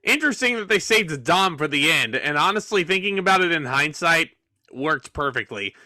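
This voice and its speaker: A man with a fairly high, bright, forceful voice hosts a loose, jokey podcast chat with plenty of sarcasm. His sound is close and dry, with no room around it. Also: expressive, normal speed, dry recording. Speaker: podcast host. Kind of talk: casual wrestling review chat.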